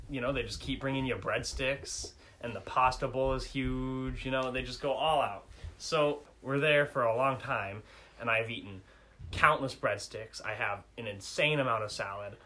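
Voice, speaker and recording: A man's voice: medium pitch, normal speed, bright, forceful tone, poor audio. A young man tells a comic story in a casual, self-mocking way. His voice sits in an average range, and he often laughs through the telling. A faint background hiss runs under his voice.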